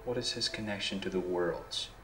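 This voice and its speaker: A man's voice: sits low, moderate pace, over music, natural voice. An actor playing a puzzled young man who keeps asking questions, uncertain, in film dialogue. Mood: questioning.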